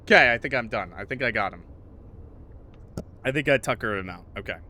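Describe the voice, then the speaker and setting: A man's voice: medium pitch, lively intonation, fairly quick, bright, forceful tone, slight background noise. Man streaming a game, rambling and joking. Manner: rambling, joking, reads game narration aloud. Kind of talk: casual livestream commentary and reading game text. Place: home room with a PC. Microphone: desk mic with noise suppression.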